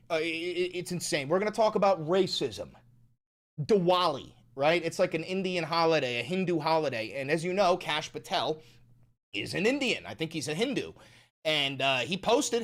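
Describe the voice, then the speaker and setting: A man's voice: high-pitched, a bit bright. A man hosting his own political commentary show, ranting in a profane, sarcastic and mocking way.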